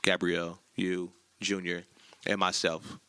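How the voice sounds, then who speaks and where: A young man chatting casually in a rambling, laughing way. His voice is low-pitched yet bright and forceful. The sound is close and dry, with no room in it. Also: monotone, measured pace, smooth, no echo. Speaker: podcast co-host. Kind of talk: casual chat.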